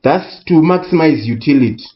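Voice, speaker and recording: A man tutoring economics in a recorded lesson, speaking deliberately and repeating key words for emphasis. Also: fairly high pitch, lively intonation, lo-fi sound, slight background noise. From Southern Africa.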